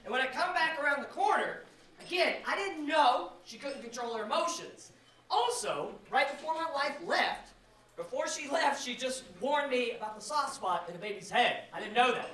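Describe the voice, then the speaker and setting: A man doing a loud, profane stand-up comedy set, telling brash stories. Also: extremely high pitch, animated, normal speed. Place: live comedy venue. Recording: echoey live room from far off. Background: audience laughter.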